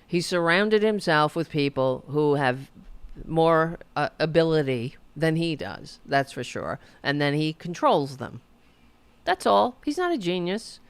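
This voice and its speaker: A woman's voice: deep voice, smooth, no echo. A woman hosting a podcast, delivering an indignant, sarcastic political rant and swearing freely. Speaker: podcast host.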